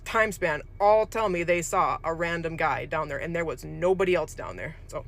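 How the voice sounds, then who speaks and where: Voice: medium pitch, moderate pace, a bit bright. A nursing home worker telling a ghost story in a loose, rambling way. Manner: rambling, loose, with fillers and restarts. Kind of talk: casual storytelling.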